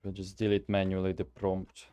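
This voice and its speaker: A man's voice: sits low, monotone, moderate pace, warm tone, smooth, no echo. A young man streaming a game, chatting casually and thinking aloud as he rambles with fillers. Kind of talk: casual live game commentary.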